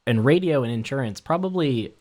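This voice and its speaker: A man's voice: mid-range voice, expressive, a little fast, darkish tone. A man hosting a casual interview, asking short friendly questions. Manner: friendly, brief prompting questions. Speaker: interview host.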